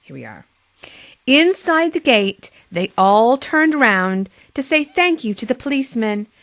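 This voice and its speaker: Lively Boston teacher reading to kids. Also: female voice, on the high side, a little slow. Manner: lively, playful asides to children. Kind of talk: children's story reading.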